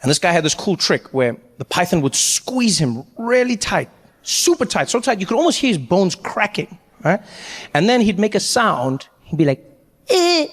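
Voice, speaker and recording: A man telling a story in a stand-up comedy set, animated and acting out each character. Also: high voice, moderate pace, big-room sound. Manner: animated, acts out every character.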